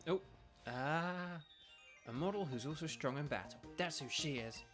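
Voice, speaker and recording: Young british guy streaming a game, chatty and rambly, bright voice, faint music behind. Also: a little high, unhurried. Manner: chatty, rambling, many ums and restarts, laughs often. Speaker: streamer playing a video game. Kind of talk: casual live-stream chat.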